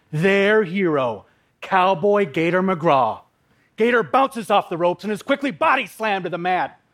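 Storyteller: man from Minnesota, a bit high-pitched, dramatic and wry in his personal story. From Minnesota, USA. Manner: vivid, dramatic, with playful asides.

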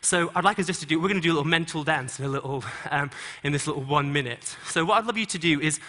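A middle-aged choreographer on a conference stage, speaking to an audience and directing dancers with quick instructions and rhythmic sound cues. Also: male voice, on the high side, big-room sound. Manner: encouraging, energetic coaching.

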